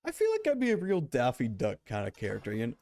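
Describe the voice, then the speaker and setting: A man's voice: mid-range voice, wildly swooping pitch, fast talker, darkish tone. A man streaming a game, rambling and joking back and forth with his chat. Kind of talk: casual gameplay commentary.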